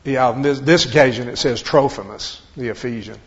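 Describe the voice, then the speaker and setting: A man's voice: mid-range voice, brisk. A man leading a conversational Bible study, explaining step by step and asking rhetorical questions. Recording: dull lo-fi recording.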